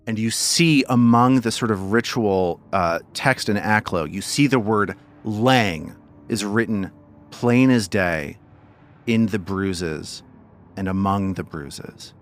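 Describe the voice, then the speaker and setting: A man running a tabletop game as game master, narrating in a relaxed way and often repeating words as he thinks. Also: lowish voice, slow pace, soft background music.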